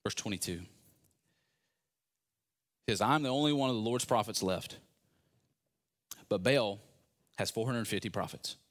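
A man's voice: lowish voice, a little slow, long pauses. A man preaching a sermon, retelling a scripture story with sarcasm and acting out the characters' lines. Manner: animated, sarcastic storytelling with acted-out quotes. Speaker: pastor.

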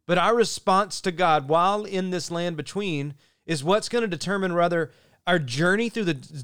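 A man preaching a sermon as pastor, earnest and measured, slowing down to stress key phrases. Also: sits high, smooth, no room sound, studio quality.

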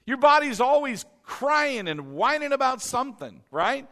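A man's voice: very high voice, big pitch swings, a little slow, creaky, pushed and bright, in a large hall. A male pastor preaching a sermon, emphatic and repetitive, calling on the congregation to say lines back. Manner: emphatic, repeats questions and has the congregation repeat lines.

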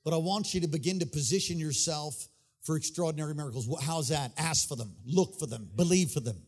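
Speaking a little fast in a fairly high voice, a pastor delivers a fervent, sing-song sermon full of repeated phrases to his congregation. The sanctuary audio comes through a handheld or stage microphone.

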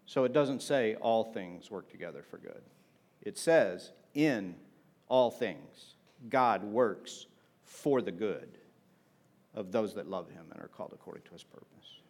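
A pastor preaching with casual humor. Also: male voice, mid-range voice. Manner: conversational preaching with humor, asking the congregation for amens. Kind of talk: sermon.

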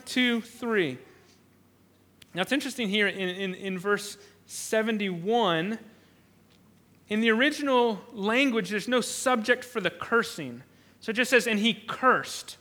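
Bright high-voiced man preaching. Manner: repeats words while he thinks, acts out quotes. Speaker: pastor. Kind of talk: expository sermon.

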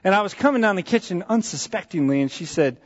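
A man giving a sermon as a pastor, telling a personal story in an animated way, with asides and repeated phrases. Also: high-pitched, fast talker, breathy edge. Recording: dull, echoey hall sound.

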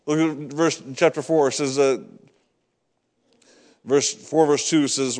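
A man's voice: mid-range voice, fairly even intonation, normal speed, long pauses, darkish tone. A man preaching a sermon, reading scripture and acting out the prophet's prayers, repeating words as he builds each point. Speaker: pastor.

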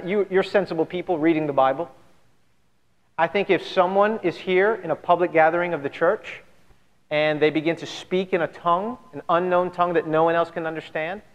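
A man's voice: fairly high pitch, muffled recording. A man pastor giving an earnest, conversational sermon full of rhetorical questions to his church. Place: church sanctuary. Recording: long church hall reverb.

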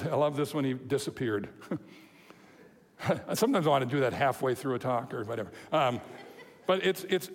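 A man preaching a sermon, telling a story with lively quoted voices and chuckles. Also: on the high side. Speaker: pastor. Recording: long hall reverb.

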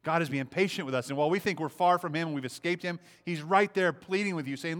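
A man's voice: a little high, fast talker, hardly any pauses, fairly bright tone. A man preaching a sermon, impassioned, repeating phrases and acting out the speech he quotes. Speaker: pastor.

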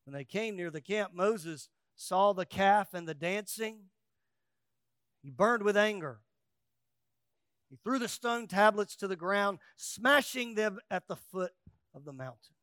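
Male pastor, high voice, emphatic sermon delivery, loud peaks and quiet asides, dry close recording. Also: lively intonation, unhurried, smooth, no room sound. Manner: acts out quoted voices with humor.

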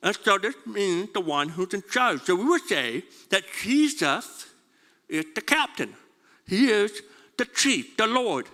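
A man's voice: high-pitched, bright, forceful tone, in a large hall. A man preaching a sermon, stumbling over repeated words and asking his congregation questions. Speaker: pastor.

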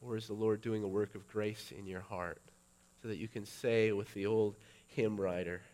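A middle-aged male pastor preaching a sermon, building to loud, emphatic peaks. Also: fairly low pitch, steady tone, moderate pace.

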